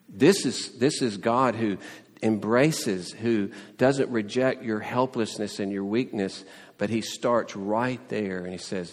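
A pastor with a mid-range voice preaches a sermon earnestly and conversationally, often restarting his sentences and quoting prayers and scripture. The recording has a big-room sound.

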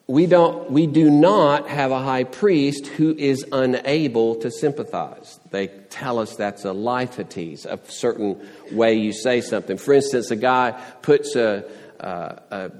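A man's voice: mid-range voice, darkish tone, in a large hall. A man preaching a sermon, earnest, pressing his points with rising questions and everyday illustrations. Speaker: pastor.

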